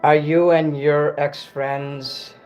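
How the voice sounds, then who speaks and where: A man's voice: fairly high pitch, little pitch movement, slow pace, a little mellow, faint music behind. A man on a casual livestream, ranting bitterly and cursing, often stopping to correct himself. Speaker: livestream host.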